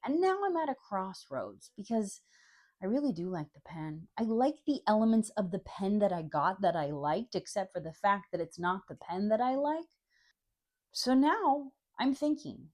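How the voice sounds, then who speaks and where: A young adult woman reviewing a fountain pen in a vlog, telling the story with lively acted-out emails and replies. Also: mid-range voice.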